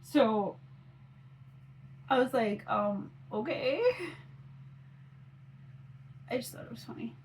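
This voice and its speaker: A woman's voice: a little high, slow, pauses often, a little hiss or hum, poor audio. A woman in her forties chatting casually on her phone camera while doing her makeup, rambling with lots of fillers. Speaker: mom vlogger.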